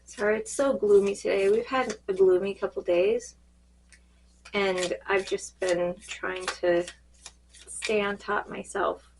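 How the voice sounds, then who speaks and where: A woman reading cards in a casual spiritual check-in, her voice fading and a little hoarse, rambling and halting with many fillers. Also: mid-range voice, fairly even intonation, a little mellow, slight background noise, rough recording. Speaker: tarot card reader.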